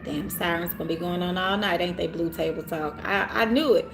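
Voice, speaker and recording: A woman reader hosting a casual livestream, animated and laughing often, talking straight to her viewers in a room in the city. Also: on the low side, brisk, music in the background. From Orange Mound, Memphis area, USA. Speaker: tarot reader and livestream host. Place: city hotel room, sirens outside.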